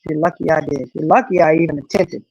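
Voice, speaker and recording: A woman's voice: sits low, fast talker, breathy edge. A middle-aged woman chats casually on her live stream, telling a story with lots of feeling and putting on the voices of the people she quotes. The sound is dull and lo-fi, close and dry, with no room echo. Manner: animated storyteller, acts out quoted voices, frequent "you know".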